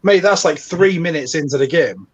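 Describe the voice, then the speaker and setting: Man, slightly high voice, dull lo-fi audio, chatty, casual stream. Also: moderate pace, breathy edge. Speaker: stream co-host. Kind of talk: casual chat.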